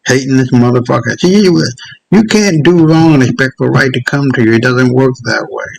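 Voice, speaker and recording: A man hosting his own show, ranting in casual commentary, profane and heated, pausing often to search for clips. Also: mid-range voice, creaky, low-quality recording. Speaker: host.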